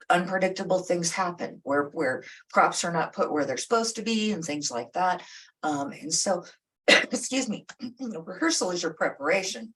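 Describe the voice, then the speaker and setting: A woman therapist giving direct, coaching advice with a lively, up-and-down delivery. Her voice sits a bit low and sounds husky, recorded slightly away from the mic. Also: recorded from a distance, rough recording. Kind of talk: advice talk.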